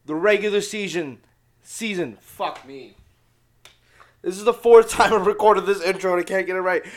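Young man, high voice, podcast host, hyped, loud, swears a lot, casual rambling chat. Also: normal speed.

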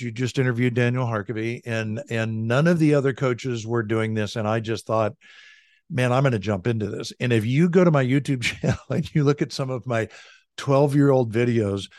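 A middle-aged man, a leadership coach, telling stories in a casual, energetic way on a podcast, talking from his home office. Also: medium pitch, dry recording, clean studio sound. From California. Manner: energetic, conversational, frequent "like" and "right?". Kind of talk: podcast interview, storytelling. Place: home office with a large bookshelf. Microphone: studio desk mic.

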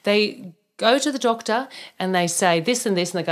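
A woman co-hosting a casual podcast, a practitioner who tells client stories in an animated, blunt way with mild swearing. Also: medium pitch, a little fast, few pauses. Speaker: naturopath, podcast co-host.

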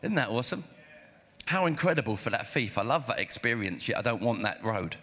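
A male pastor preaching a sermon, telling stories in an animated way and acting out the dialogue. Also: medium pitch, brisk. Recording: reverberant hall.

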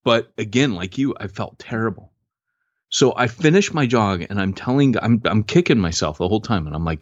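A man with a low voice tells a story on a podcast, his pitch leaping all over as he gets carried away. He talks casually and excitably. The sound is dull and dry, with no room around it. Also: brisk, no room sound. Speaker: podcast co-host.

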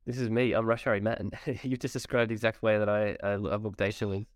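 A man hosting a podcast in casual chat, lively and prone to repeating words. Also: on the low side, fairly quick, dry recording, studio quality. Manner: chatty, laughs easily, repeats words. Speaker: podcast host.

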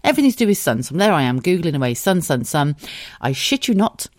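A woman's voice: low-pitched, very animated, fast, a little mellow, dry recording, clean studio sound. An English woman in her thirties hosting a casual solo podcast, chatty and giggly, swearing freely. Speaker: podcast host.

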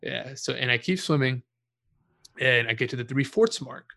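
A young man casually telling a story in a relaxed way, swearing freely and laughing at himself. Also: mid-range voice, normal speed, gravelly.

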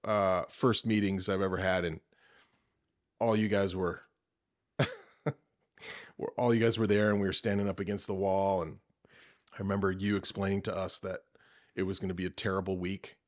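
A man, an actor guest on a podcast, chatting casually and telling animated stories. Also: low-pitched, normal speed, long pauses. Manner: animated storyteller, acts out quoted voices.

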